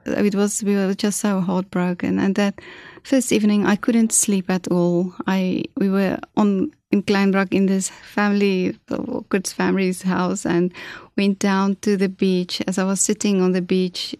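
A middle-aged woman, telling her personal story as an interview guest, emotional and halting, with many restarts. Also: mid-range voice, flat delivery, a little mellow, dry recording, studio quality. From South Africa. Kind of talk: personal testimony in conversation.

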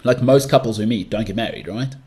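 A man's voice: medium pitch, fairly quick, a little mellow. A young man hosting a solo podcast, talking in a chatty, rambling way with mocking asides. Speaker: podcast host.

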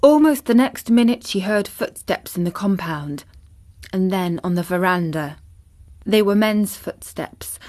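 A woman storyteller reading a children's chapter book aloud in a gentle, measured way. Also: mid-range voice.

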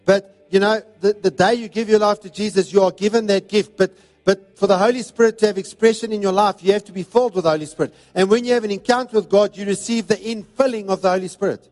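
A high-voiced man delivers a sermon, hammering his points home with repeated phrases. Soft music plays faintly beneath his voice. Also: steady tone, fast talker. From South Africa. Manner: emphatic, repetitive preaching cadence. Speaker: pastor.

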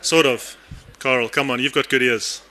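A man's voice: mid-range voice, fairly even intonation, measured pace, bright, forceful tone. A man chairing a conference session, chatty and self-deprecating with many fillers, speaking into a stage microphone in a conference hall. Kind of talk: informal introduction.

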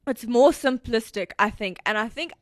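Woman, casual chat, animated storyteller, fairly high, dry. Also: normal speed, no room sound. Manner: animated storyteller, many fillers and restarts. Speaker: podcast co-host.

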